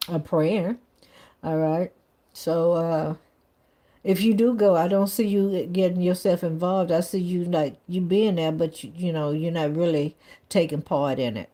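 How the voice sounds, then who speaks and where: A woman's voice: fairly low pitch, measured pace, mellow. A woman giving a live-stream tarot reading in a casual, blunt way, swearing freely and saying "all right" and "okay" over and over. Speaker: tarot reader.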